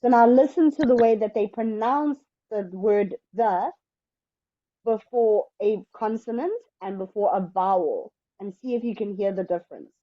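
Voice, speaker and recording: A woman teaching English in an online lesson, explaining step by step in a patient, slow way. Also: medium pitch, dull audio.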